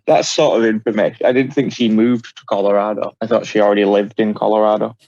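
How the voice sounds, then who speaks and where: A man's voice: fairly low pitch, steady tone, fast talker, gravelly, a little mellow, no room sound. Wry male co-host on a muffled mic. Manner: wry, offhand quips. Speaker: podcast co-host. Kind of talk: casual podcast chat.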